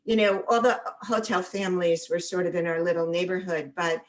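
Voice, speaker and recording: A woman's voice: fairly low pitch, fairly even intonation, a little fast, poor audio. An older woman from the Catskills in New York, speaking up from the audience in a casual, chatty way and recounting detailed memories. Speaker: audience member commenting. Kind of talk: casual chat.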